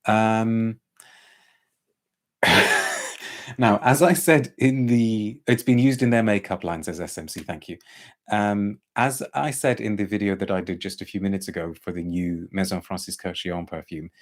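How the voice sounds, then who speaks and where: A man with a fairly low voice chats casually through a live stream. He reads out viewers' comments and trips over his words, restarting sentences as he thinks aloud. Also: measured pace. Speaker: perfume reviewer hosting a live stream.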